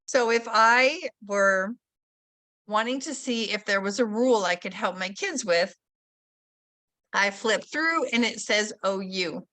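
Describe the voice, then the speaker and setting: A woman's voice: medium pitch, takes it slowly, bright, forceful tone. A woman leading a teacher training session, explaining a spelling routine and modeling classroom questions. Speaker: literacy trainer. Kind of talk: professional development webinar.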